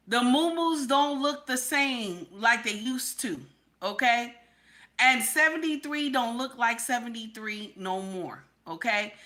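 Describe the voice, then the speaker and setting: A woman hosts a casual live stream in a fairly high, bright, forward voice. She talks bluntly and with a lot of profanity, circling back to the same points and checking in with "okay?" as she goes. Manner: repeats her points over and over. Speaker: livestream host.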